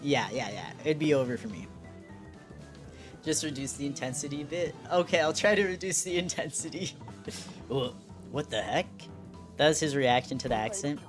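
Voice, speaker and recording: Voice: medium pitch, lively intonation, moderate pace, long pauses, soft background music. A young adult streamer chatting casually with viewers in a slangy, self-mocking way. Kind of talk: casual live-stream chat.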